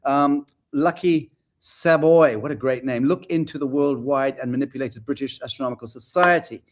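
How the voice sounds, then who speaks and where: A man's voice: medium pitch, moderate pace. A man hosting a panel discussion, reading out audience questions with playful, theatrical banter. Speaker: host.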